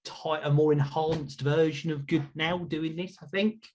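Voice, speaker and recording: A man's voice: fairly high pitch, fairly even intonation, unhurried, darkish tone, a little hiss or hum. A man hosting a podcast, chatting casually in an upbeat, self-reflective way. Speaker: podcast host.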